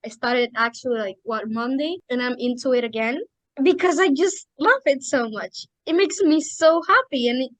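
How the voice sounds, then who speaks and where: Young woman fangirling on a podcast, high voice, dry close mic, acts out all the lines. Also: moderate pace, dry recording, poor audio. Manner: emotional fan, acts out quotes. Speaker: podcast co-host or guest. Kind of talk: casual chat.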